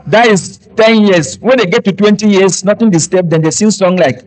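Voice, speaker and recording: A man's voice: high voice, normal speed, few pauses, poor audio. A man from Cameroon with a Cameroonian Pidgin English accent doing live stand-up comedy and making a fundraising appeal, joking and breaking into snatches of hymns. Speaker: event entertainer and fundraiser.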